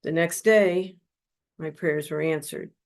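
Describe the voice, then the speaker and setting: Low-voiced and slow, a woman tells her story in a confessional manner. She's a spiritual counselor appearing as a guest speaker at a webinar, giving earnest testimony into a webinar microphone.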